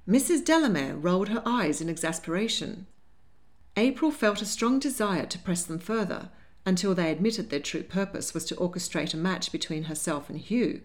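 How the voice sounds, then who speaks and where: A woman narrating an audiobook in a lively, expressive manner. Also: lowish voice, moderate pace. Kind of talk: scripted narration.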